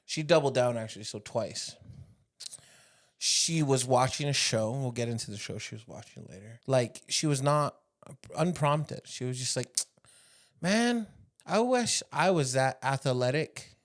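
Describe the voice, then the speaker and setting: A man's voice: mid-range voice, moderate pace. A young man co-hosting a podcast, teasing and emphatic in casual banter. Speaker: podcast co-host.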